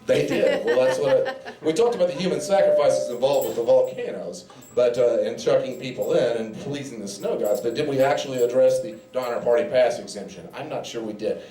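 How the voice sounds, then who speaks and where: A man's voice: mid-range voice, animated, a little fast, reverberant, distant mic. A man doing rambling standup comedy in a folksy cowboy manner, holding a mic in a bar and grill with a live audience. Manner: folksy cowboy drawl, rambling, breaks into silly singing. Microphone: handheld mic.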